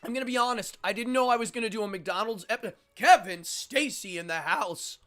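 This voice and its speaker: High bright-voiced guy in his 40s chatting on a livestream while he eats, faint music behind. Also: brisk. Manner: chatty, eats between lines. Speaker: livestream host. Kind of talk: casual livestream chat while eating.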